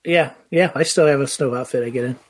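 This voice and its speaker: A man's voice: mid-range voice, no echo. Chill guy on a podcast, mostly just saying yeah, kinda rambly when he tells a story, dry close mic. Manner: short agreeing replies, slow rambling recollection. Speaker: podcast co-host. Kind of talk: casual chat.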